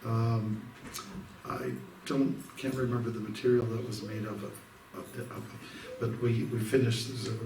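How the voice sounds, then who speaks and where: A man's voice: fairly low pitch, little pitch movement, a little slow. A man, a monk from Canada, giving an informal devotional evening talk, rambling through stories with many fillers and restarts. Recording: roomy hall, distant mic, faint noise.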